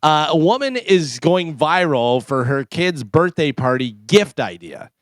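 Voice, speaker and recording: A man's voice: fairly high pitch, big pitch swings, measured pace, dry recording. Teasing, chatty radio co-host man. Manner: teasing, chatty, reads out news stories. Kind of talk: casual radio banter. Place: radio studio.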